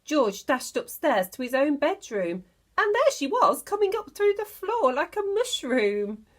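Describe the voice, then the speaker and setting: A woman teacher reading a storybook aloud to children with expressive narration. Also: high voice. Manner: expressive, slow, lively narration.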